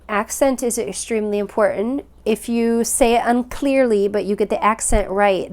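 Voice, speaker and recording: Woman teaching with patient, slow repetition. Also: mid-range voice, darkish tone. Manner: patient, repeats words slowly for practice. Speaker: language teacher. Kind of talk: recorded phonics lesson.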